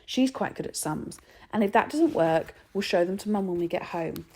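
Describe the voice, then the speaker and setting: A woman's voice: lowish voice, animated, normal speed, darkish tone. A woman voicing an indignant, hot-headed schoolboy who bursts out sulkily and bitterly in a storybook reading. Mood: reassuring. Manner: sulky, bitter outbursts.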